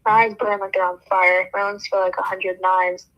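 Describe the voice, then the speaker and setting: A woman's voice: medium pitch, little pitch movement, moderate pace. A woman reading a novel aloud for a book club, breaking off now and then for joking comments. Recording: dull lo-fi sound.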